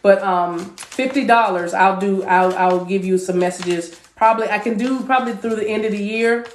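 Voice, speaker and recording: At a moderate pace and medium pitch, a tarot reader talks her viewers through a live reading. There's a little hiss or hum on the recording, and the room echoes. Her style is chatty and repetitive, with the odd stretch of speaking in tongues.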